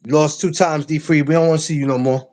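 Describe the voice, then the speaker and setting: A man hosts a casual podcast, his voice sitting high for a man. He jokes loudly and hammers his lines home by repeating them. The talk is loose, teasing banter. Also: steady tone, fast talker. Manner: loud, joking, repeats himself. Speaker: podcast host.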